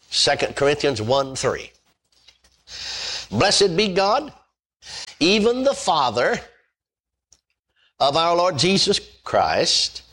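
A man's voice: medium pitch, a bit bright, husky. A man preaching a sermon, reading scripture aloud and then expounding on it with emphatic repetition and exclamations of praise.

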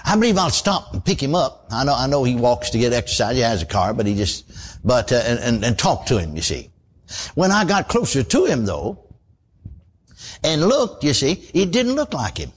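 A man's voice: medium pitch, big pitch swings, moderate pace, husky. An older man, preaching a sermon in a folksy, conversational storytelling way, full of asides and repeated words.

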